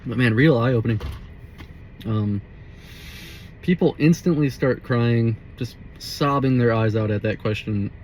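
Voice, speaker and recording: A man's voice: medium pitch, measured pace, pauses often, darkish tone, slight background noise, low-quality recording. A young man telling a story in a loose, rambling monologue, swearing often and saying "like" constantly, recorded inside a car. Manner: rambling, profane, heavy use of "like". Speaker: vlogger.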